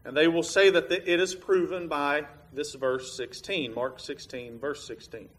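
Bright-voiced man teaching a Bible lesson. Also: fairly high pitch, fairly even intonation, a little slow. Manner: plain, reasoning step by step with many fillers. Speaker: preacher.

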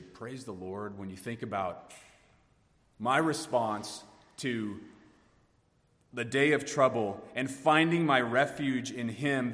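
A man preaching a sermon, swinging from hushed tones to emphatic rises. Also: medium pitch, big-room sound. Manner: dynamic preaching, dropping to hushed tones then rising emphatically. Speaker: pastor.

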